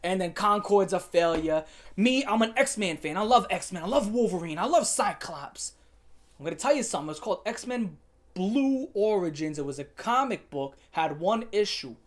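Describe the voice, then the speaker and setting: A woman's voice: medium pitch, animated, moderate pace. A woman hosting her own channel, delivering an emphatic, sarcastic opinion rant and mocking the people she talks about. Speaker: channel host.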